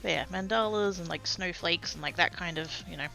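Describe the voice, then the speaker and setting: A woman's voice: lowish voice, a little fast, creaky, bright, forceful tone, faint music behind. A woman chatting casually to her livestream chat while sorting craft supplies, self-mocking and rambling. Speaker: craft streamer.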